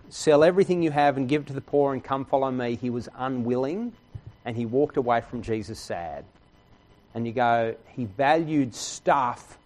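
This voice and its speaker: A man preaching a sermon in an earnest, conversational way, often checking in with his listeners. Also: fairly high pitch. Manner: earnest, conversational preaching with frequent "right?" asides. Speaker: pastor.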